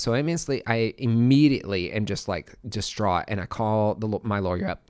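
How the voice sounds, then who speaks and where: A man with a fairly low voice tells his own story on a podcast. He talks casually and candidly, swears freely, and fills the gaps with "like" and "uh" as he goes. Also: fairly quick, clear, resonant tone. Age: adult, former nurse. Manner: candid, profane, animated storytelling with many fillers.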